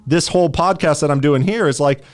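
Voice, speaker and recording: A man's voice: a little high, fairly quick. A young man hosting a casual podcast chat, brash and joking, laughing at his own lines. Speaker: podcast host.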